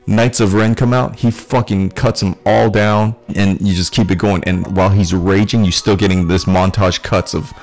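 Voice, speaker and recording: Gravelly low-voiced man ranting. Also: normal speed, few pauses, faint music behind. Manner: profane, rambling, builds to shouting excitement. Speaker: vlogger. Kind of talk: excited casual rant.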